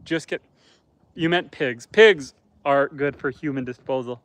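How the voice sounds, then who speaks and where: A man's voice: mid-range voice, unhurried, fairly bright tone. A man from Canada, a homesteader, chatting casually on a livestream outdoors by a campfire, reading viewer comments aloud and answering them.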